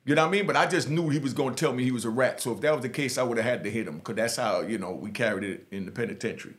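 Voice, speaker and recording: Racing through his words, a middle-aged man from New York with a Jamaican New York accent casually recounts life in prison using street slang and frequent "you know what I mean." When he voices other characters, he goes low and soft.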